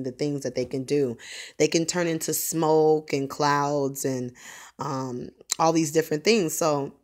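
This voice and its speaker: A woman telling a personal story in a halting, rambling way, full of ums. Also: low-pitched. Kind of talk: casual spoken testimony.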